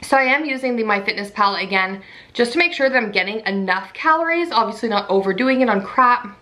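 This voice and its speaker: A woman's voice: fairly high pitch, lively intonation, a little fast, bright, forceful tone. A young pregnant woman in casual vlog chat, chatty and full of "like". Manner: chatty, says "like" often. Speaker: pregnancy vlogger.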